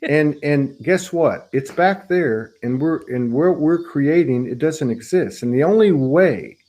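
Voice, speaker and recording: Very slow-speaking male host, emphatic. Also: a little high, expressive, a little mellow, low-quality recording. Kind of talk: conversational spiritual talk.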